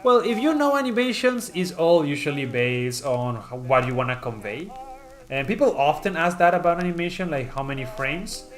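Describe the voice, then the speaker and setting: A man's voice: a little high, animated, normal speed, soft background music. Rambling man chatting on a live stream. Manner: rambling, with frequent fillers and restarts. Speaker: streamer presenting his channel mascot. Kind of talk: casual live-stream chat, reading viewer comments aloud.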